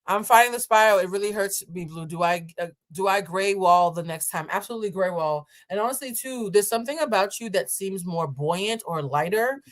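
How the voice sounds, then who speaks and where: A woman's voice: mid-range voice, animated, a little fast, few pauses. A woman hosting a live tarot reading, chatting with viewers in a sassy, playful way. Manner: sassy, playful and chatty, calls listeners "child". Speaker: tarot card reader hosting a live stream. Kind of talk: casual live-stream tarot reading, answering chat.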